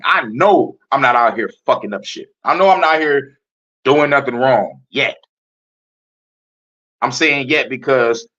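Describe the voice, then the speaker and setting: A man hosting a profane, animated reaction commentary, laughing and swearing as he talks, with loud high mocking repeats. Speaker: reaction video host. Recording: muffled lo-fi audio.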